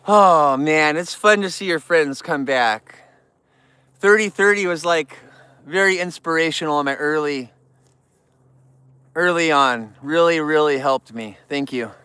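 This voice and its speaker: A man's voice: on the high side, measured pace, pushed and bright, clear, resonant tone, no room sound. A man livestreaming from among bears, chatting with his viewers in an emotional way and greeting them and the animals by name. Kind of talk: casual livestream chat to viewers.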